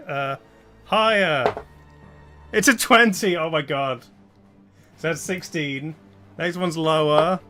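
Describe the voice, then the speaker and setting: A man's voice: a little high, sharp tone. A man acting as game master of a live tabletop game, narrating dice rolls and often chuckling.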